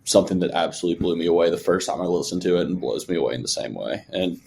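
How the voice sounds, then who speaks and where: A man's voice: low-pitched, very fast, vocal fry, a little mellow, a little hiss or hum. A young man co-hosting a music podcast in casual chat, rambling and acting out his own reactions. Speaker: podcast co-host.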